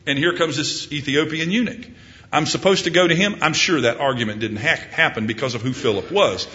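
A man's voice: fairly high pitch, brisk. Man preaching a sermon, earnest, lots of questions, kinda muffled lo-fi audio. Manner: earnest, rising emphatic questions, soft hushed prayer. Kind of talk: sermon with closing prayer. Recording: dull lo-fi recording.

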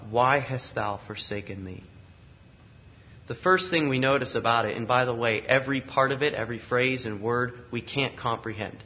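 A man preaching in an earnest, steady voice of middle pitch, stacking repeated phrases to build weight. The recording sounds a little dull and muffled. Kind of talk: sermon.

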